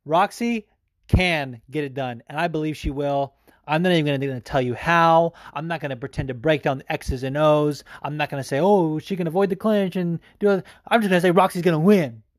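A man hosting a podcast, talking casually in a rambling, excitable way with plenty of fillers and swearing. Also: a little high, fairly quick, dry recording, clean studio sound. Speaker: podcast host. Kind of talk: casual chat.

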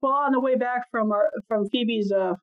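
Woman, podcast co-host, casual storytelling, swears freely, bit high voice. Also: normal speed. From Ohio. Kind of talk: casual chat. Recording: muffled lo-fi audio.

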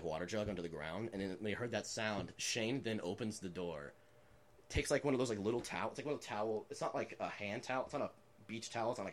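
A man in his twenties telling prank stories in a casual chat, rambling with lots of filler words and laughing as he goes. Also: lowish voice.

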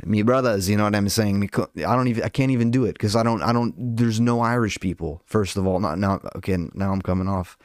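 A man's voice: fairly low pitch, fast, few pauses, no room sound, clean studio sound. A young man ranting casually to his viewers, fired up and profane, rambling with lots of filler words. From Albanian heritage. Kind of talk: casual rant to camera.

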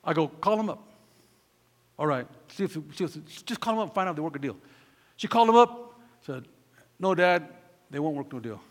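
A middle-aged man preaching, telling a personal story, acting out quotes and swinging between loud peaks and hushed asides. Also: fairly high pitch, lively intonation, brisk, long pauses, long reverb tail. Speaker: pastor.

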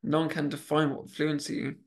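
A man's voice: fairly high pitch, flat delivery, moderate pace. A man hosting a podcast in casual chat, rambling with many restarts and fillers. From United Kingdom. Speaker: podcast host.

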